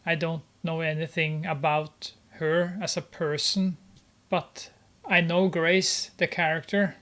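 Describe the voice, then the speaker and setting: This is a casual film recap delivered at an unhurried, drawn-out pace. The speaker keeps stopping on little filler sounds and sounds openly amused by the story, teasing its characters along the way. The pitch sits in an ordinary middle range. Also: flat delivery, fairly bright tone. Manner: halting, with many filler pauses and frequent laughter; amused and mocking. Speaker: movie recap commentator.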